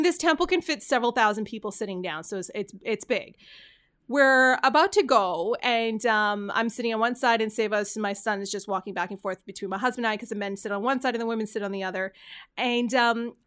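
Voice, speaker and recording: A woman's voice: on the high side, fairly bright tone, smooth. A woman in her thirties telling a story in casual chat, earnest and rambling, often restarting her sentences. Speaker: podcast host.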